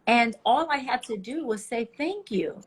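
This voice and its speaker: A woman guest in an interview, a life coach, offers impassioned motivational guidance and relates stories full of feeling in a preachy, animated way. Her voice is a little high with a breathy edge, at normal speed.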